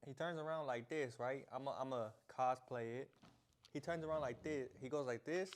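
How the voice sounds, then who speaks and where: A man's voice: medium pitch, moderate pace, slight background noise. A young man, a vlogger, telling a story in a casual, slangy way, laughing and acting out the scenes. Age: young adult.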